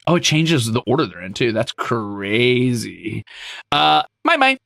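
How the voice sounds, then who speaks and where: A male streamer in casual livestream chat, his voice gravelly and bright-edged, swinging widely up and down in pitch. He is playful and animated, breaking into squeals and mock scolding and swearing casually. The sound is dry and close. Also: a little slow, no echo.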